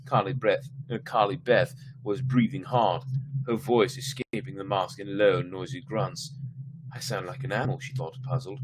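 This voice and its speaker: A man's voice: deep voice, fairly even intonation, measured pace, background noise. A man reading a spooky children's story aloud on a live stream, stumbling and restarting now and then, sometimes stopping to chat with his listeners. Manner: reads with frequent slips and restarts, breaks off to chat.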